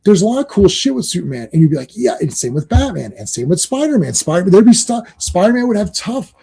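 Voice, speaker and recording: Man, husky, mellow tone, fired-up comics rant, swears, does voices. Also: high-pitched, very animated, fast. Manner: ranting, swearing, acts out quotes in voices. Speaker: podcast co-host. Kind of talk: heated casual chat about comics.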